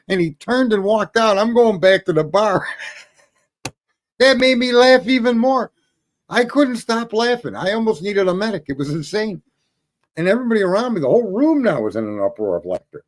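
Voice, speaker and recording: A man's voice: high-pitched, normal speed. A middle-aged man telling a story in a casual monologue, swearing freely and laughing often. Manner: profane, animated, laughing often. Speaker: host.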